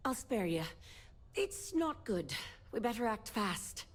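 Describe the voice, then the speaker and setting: A woman's voice: a little high, sing-song, slow pace, exaggerated voice. A woman voicing a weary female doctor in a video game, with a blunt, exasperated, ranting manner. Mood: brisk.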